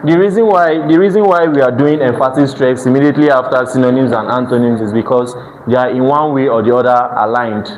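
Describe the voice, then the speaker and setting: A Nigerian-accented man teaches a night class, stopping often to ask the students if they follow and correcting himself mid-phrase. His voice sits at a middle pitch, and a faint hiss runs under the recording. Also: fairly quick, darkish tone, poor audio. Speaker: exam prep tutor. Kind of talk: classroom lecture. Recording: faint background noise.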